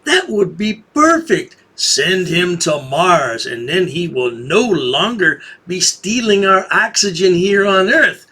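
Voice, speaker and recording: Sarcastic husky-voiced man mocking. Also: high-pitched, slow, hardly any pauses, bright, forceful tone. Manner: sarcastic, taunting. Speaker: commentary channel host. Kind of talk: mocking video commentary.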